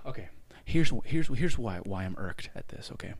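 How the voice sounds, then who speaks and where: A young man co-hosting a podcast, ranting in an exaggerated, profane, animated way. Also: on the low side, moderate pace, no echo. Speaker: podcast co-host. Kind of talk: casual chat, ranting complaint.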